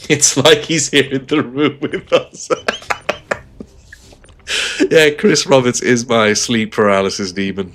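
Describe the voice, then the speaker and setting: A man's voice: medium pitch, animated, slow, long pauses, a bit bright. A man streaming a game live, chatting casually with sarcastic jokes and frequent laughs. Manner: joking, laughs often, sarcastic asides.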